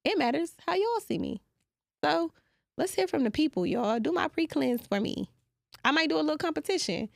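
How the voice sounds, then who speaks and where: A woman's voice: high-pitched, sing-song, moderate pace, gravelly, no echo, studio quality. A woman, hosting a podcast in a brash, profane, playful monologue. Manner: brash, profane and playful, talking straight to listeners. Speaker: podcast host. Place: small podcast studio. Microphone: studio microphone.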